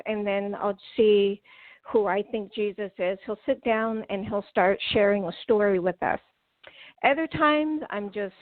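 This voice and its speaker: A woman guest telling a personal story in an earnest, animated way. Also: mid-range voice. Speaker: guest author. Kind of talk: casual storytelling over phone. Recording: tinny phone line.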